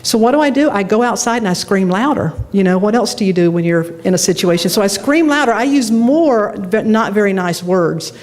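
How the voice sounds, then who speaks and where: A middle-aged woman minister delivering a sermon, telling a personal story with animated delivery and laughing at herself. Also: mid-range voice, a little fast, hardly any pauses.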